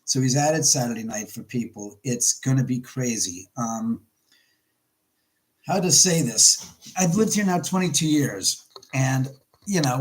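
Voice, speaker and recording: A man's voice: mid-range voice, slight background noise, rough recording. A man hosting a casual live stream from his home, rambling and stopping to greet viewers by name. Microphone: camera mic on a live stream.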